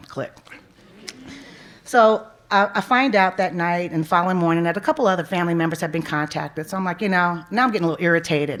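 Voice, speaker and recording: Woman in her 40s telling a family story live, kinda low voice, lots of "you know". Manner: conversational, quoting family members, frequent "you know" and laughs. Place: museum event stage.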